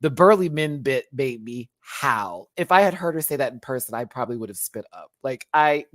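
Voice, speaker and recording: A man's voice: medium pitch, expressive, moderate pace, no echo, studio quality. A man reviewing a drag competition show in a livestream, sassy and campy, full of slang and frequent laughter, talking straight to viewers. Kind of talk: casual livestream commentary.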